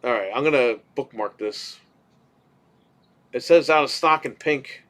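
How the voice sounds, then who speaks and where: A man co-hosting a casual podcast, telling a story in an animated way, swearing casually and acting out what people said. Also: medium pitch, unhurried. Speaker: podcast co-host.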